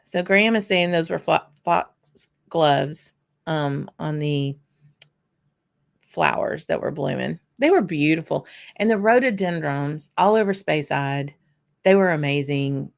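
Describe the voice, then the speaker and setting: Woman, whisky host, casual livestream chat, answers viewers by name, lowish voice. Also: lively intonation, measured pace, vocal fry. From Louisiana. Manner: chatty, answers viewers by name while tasting.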